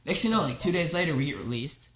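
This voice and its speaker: A man's voice: fairly high pitch, sing-song, rapid-fire, roomy sound, crowd noise. A young man telling a rambling college story in casual chat, swearing a lot and laughing along with himself. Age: young adult. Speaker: podcast guest.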